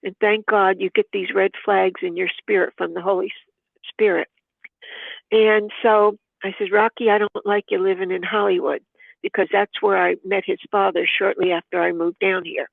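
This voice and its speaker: An older woman speaks as a podcast guest in a gravelly voice, earnest and devout as she acts out remembered conversations. Her voice comes through a thin, phone-like line. The sound is dry, with no room around it. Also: mid-range voice, no echo. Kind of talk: heartfelt personal storytelling.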